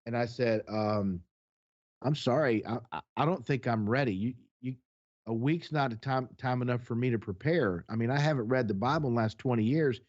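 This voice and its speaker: A man's voice: mid-range voice, normal speed, darkish tone, dull audio. A man co-hosting a podcast, telling a long personal story in casual chat, acting out the exchanges, blunt and profane. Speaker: podcast co-host.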